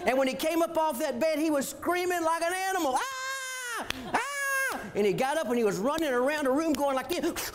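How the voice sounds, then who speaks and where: A man in ministry telling an animated childhood story, often chuckling. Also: extremely high pitch, quick pace, few pauses, noisy background. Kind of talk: storytelling testimony.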